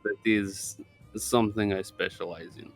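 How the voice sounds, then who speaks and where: Brief: towering Goliath fighter, lowish terse voice, dry delivery, a man voicing him. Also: steady tone, measured pace, faint music behind.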